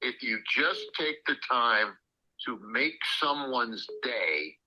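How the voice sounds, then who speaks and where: A man's voice: medium pitch, animated, slow pace, sharp tone, dull audio. A man telling anecdotes as an interview guest, acting out the quotes with animation. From Illinois. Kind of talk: storytelling interview.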